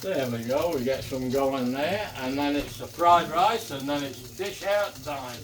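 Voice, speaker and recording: A man's voice: medium pitch, measured pace, slight background noise. An older man with a Manchester accent, chatting casually and swearing lightly while he cooks on a griddle. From England. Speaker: cooking vlogger. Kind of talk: casual chat while cooking.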